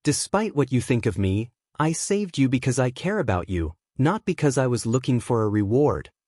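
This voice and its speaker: A man's voice: mid-range voice, sing-song, normal speed, mellow, no room sound, clean studio sound. A man reading fan fiction aloud and voicing an earnest young man's ghost who pleads and defends himself. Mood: pleading.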